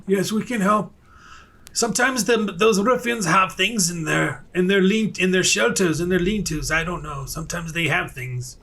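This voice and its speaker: A man doing a high earnest villager. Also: moderate pace, creaky, pushed and bright, breathy edge, exaggerated voice. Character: helpful male villager offering aid.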